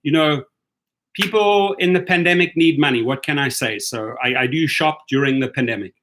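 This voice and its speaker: A man's voice: on the high side, moderate pace, fairly bright tone, a little hiss or hum. Chatty upbeat live-stream man. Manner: chatty, upbeat, greets viewers by name. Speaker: host of a live stream for rideshare drivers. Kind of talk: casual live-stream chat.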